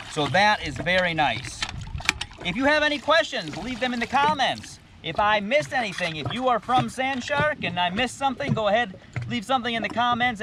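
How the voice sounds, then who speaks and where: A man's voice: high voice, background noise. A man hosting a casual, plainspoken gear review while standing in shallow water by a boat. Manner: plainspoken, easygoing, with frequent uhs. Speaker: channel host reviewing gear.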